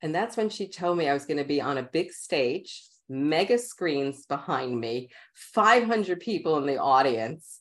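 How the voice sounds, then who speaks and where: Middle-aged woman, Queens accent, low voice, animated storyteller guest who laughs a lot. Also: measured pace, few pauses. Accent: Queens, New York. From New York, USA. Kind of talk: casual interview storytelling.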